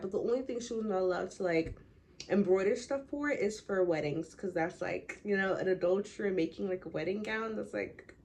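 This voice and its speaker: A young woman casually summarizing a classic novel, full of "like" and "um", slipping into quick voices for the townsfolk. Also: medium pitch, darkish tone. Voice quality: chatty, filler-heavy, lots of "like". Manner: acts out townsfolk in quick quoted bits. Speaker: book summarizer.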